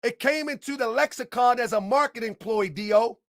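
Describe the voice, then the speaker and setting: A man delivering a heated rebuttal monologue as an online commentator, combative and emphatic, repeating his points and bursting into shouts. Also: very high voice, moderate pace, dry recording, clean studio sound.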